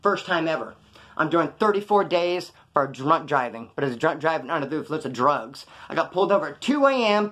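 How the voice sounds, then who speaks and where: A man's voice: fairly high pitch, fairly bright tone. A man telling a rambling, profane story about his past, acting out the scenes as he goes. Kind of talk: casual storytelling.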